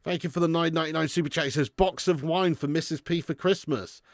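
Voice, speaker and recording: A man hosting a live football watch-along, chatting casually, reading out viewer messages, and swearing loudly when his team concedes. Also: fairly high pitch, quick pace, no echo, clean studio sound. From England. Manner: excitable, swearing, chatty and laddish.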